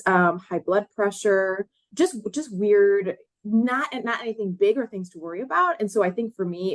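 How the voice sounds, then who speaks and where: A woman in her late twenties from Chicago, earnestly telling her own story as a guest and acting out the words of others. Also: medium pitch. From Chicago, USA. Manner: earnest, acts out others' words in quoted voices. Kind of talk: personal storytelling in an interview.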